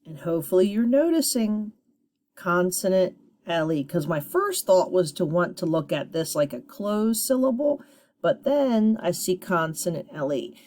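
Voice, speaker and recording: Slow patient lady teacher doing a phonics lesson for kids, lowish voice. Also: big pitch swings, darkish tone. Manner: slow, encouraging, sounding out syllables.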